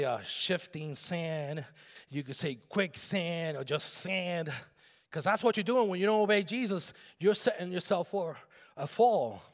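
A middle-aged man pastor preaching a sermon, swinging from loud shouted declarations to quiet asides and calling on the congregation to answer back. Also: fairly high pitch. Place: large church sanctuary. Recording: long hall reverb in a church.

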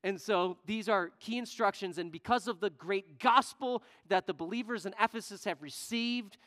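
A male pastor preaching a sermon in church, shifting from loud, emphatic questions to quiet, low asides. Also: normal speed. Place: church sanctuary.

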